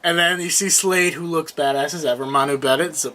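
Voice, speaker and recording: Young male co-host, high bright voice, eager, laughs a lot, acts out quotes. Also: steady tone, a little fast. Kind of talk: casual review chat.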